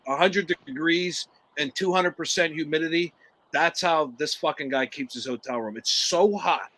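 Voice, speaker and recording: A man's voice: on the high side, normal speed, sharp tone, poor audio. A boisterous man co-hosting a podcast, telling crude stories and laughing often. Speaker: podcast co-host. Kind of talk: casual profane storytelling chat.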